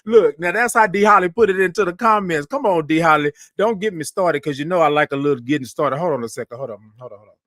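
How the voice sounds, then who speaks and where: A lively man chats through a morning live stream, greeting viewers and reading their comments aloud. His voice sits a touch high, and he repeats his phrases with warm effusiveness. The sound is dry and close, with no room around it. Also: fast talker, no echo. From Houston, Texas. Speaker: livestream show host.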